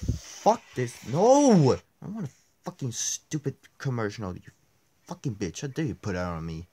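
A man commentating on a horror game he is playing, swearing constantly and swinging between quiet mutters and angry yelling. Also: on the low side, big pitch swings, brisk, slightly rough. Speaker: gameplay commentator. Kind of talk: casual let's play commentary.

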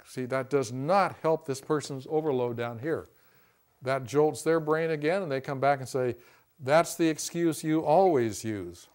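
Folksy man teaching a class. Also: on the high side. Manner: folksy, peppers talk with "see" and "you know", acts out quotes. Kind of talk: classroom lecture.

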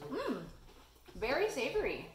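A woman's voice: high-pitched, sing-song, measured pace. A woman co-hosting a casual snack taste test, chatty and giggly. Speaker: co-host. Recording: echoey room, faint noise.

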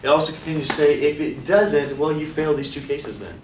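A male statistics teacher lecturing a class in an animated, joking way, often asking students questions. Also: fairly high pitch, fairly quick, far from the mic. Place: lecture hall. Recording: echoey hall, voice off-mic, faint hiss.

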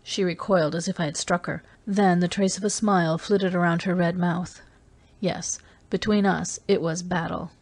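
Low-voiced woman reading a novel. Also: fairly even intonation, moderate pace, a little mellow, dry recording. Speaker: audiobook reader. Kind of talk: first-person novel narration.

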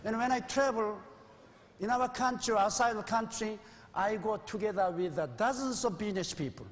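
A man in his sixties preaches with an earnest, confessional tone, his voice sitting unusually high for a man. He is heard in a church sanctuary, and the old VHS-era recording carries a long, ringing reverb. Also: normal speed. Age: 60s. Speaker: pastor. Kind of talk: sermon.

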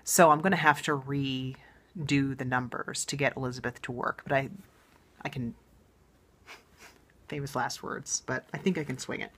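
A woman with a low-pitched voice hosts a knitting show in a relaxed, chatty way. She sounds enthusiastic and talks as if thinking aloud, with frequent ums and restarts. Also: normal speed, pauses often, slight background noise. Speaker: knitting podcast host. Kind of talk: casual show-and-tell chat.

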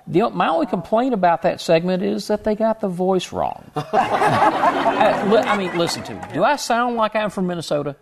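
A man's voice: high voice, big pitch swings, moderate pace, gravelly, crowd noise, background noise. A middle-aged man from Houston, a guest in an interview, telling his story in a rambling way and often correcting himself mid-sentence. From Houston, Texas. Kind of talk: conversational interview.

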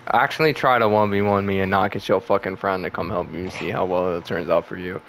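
Low-voiced profane gamer trash-talking. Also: male voice, moderate pace, gravelly, a little hiss or hum. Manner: profane trash talk, laughs often, excitable. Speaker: gaming channel host. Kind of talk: casual gameplay commentary.

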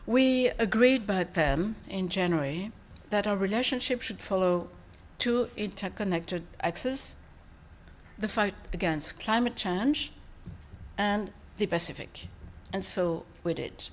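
A woman with a French accent and French as her first language, a foreign minister delivering a formal speech and taking questions, measured with frequent pauses and fillers. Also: medium pitch, lively intonation.

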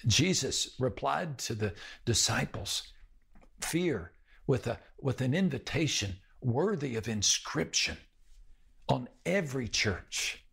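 Slow gravelly male preacher. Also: mid-range voice, fairly bright tone. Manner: slow, measured preaching with pauses and repeated phrases. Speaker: pastor. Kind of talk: sermon.

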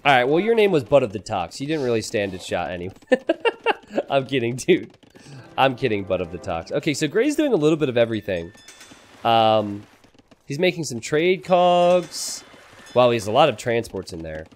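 An animated young man calls a strategy game live for his stream, his pitch swinging widely as he jokes with chat. He teases himself, tells stories and gets excitable when the action hits, speaking into a streaming mic. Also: moderate pace, a little hiss or hum. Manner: joking, self-teasing, excitable.

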